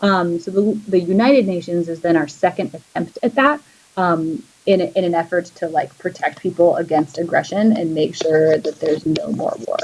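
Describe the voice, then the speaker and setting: A woman teacher giving a casual history lesson, chatty and relaxed, using lots of fillers as she draws and explains. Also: lowish voice, moderate pace, slight background noise, rough recording. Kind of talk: casual classroom lecture.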